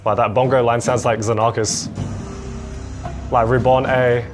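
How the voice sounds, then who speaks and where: A man in his twenties hosts a casual reaction video from a home studio, chatty and excitable, laughing often. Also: mid-range voice, measured pace, music in the background. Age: 20s. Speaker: host. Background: marching percussion show playing.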